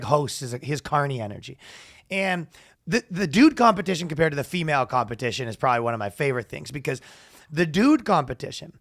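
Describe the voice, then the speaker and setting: A man, telling a funny story on a casual podcast and acting out shouted quotes. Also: on the high side, dry recording, studio quality. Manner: animated, acts out announcers with loud shouted quotes. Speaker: podcast co-host.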